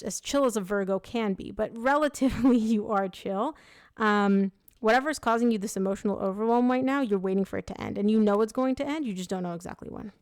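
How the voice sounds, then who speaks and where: A young woman reads tarot cards in a relaxed, chatty way, frank and loose, filling her talk with "like" and catching her own slips. Her voice sits at a middle pitch. It is recorded close and dry, with no room sound. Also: dry recording. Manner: chatty, frank, full of "like" and self-corrections. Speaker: tarot reader. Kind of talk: casual tarot reading to camera.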